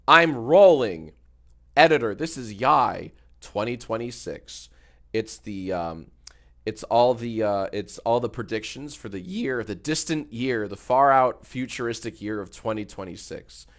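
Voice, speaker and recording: A man's voice: medium pitch, animated, unhurried, a bit bright. A man chatting casually on a livestream, joking and riffing on messages from chat. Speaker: streamer.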